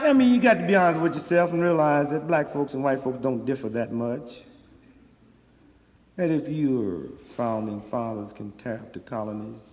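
A man performing a stand-up comedy monologue, talking in animated, profane street slang on a live stage. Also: medium pitch, a little hiss or hum. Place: live stage before an audience. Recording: dull lo-fi live recording in a reverberant hall.

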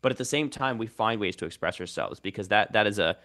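An articulate male linguist answers questions as a radio guest, laying out his ideas step by step. His voice sits a little low and has a gravelly, creaky edge. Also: animated, quick pace, pushed and bright. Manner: articulate, explanatory. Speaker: guest linguist and content creator. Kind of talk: radio interview.

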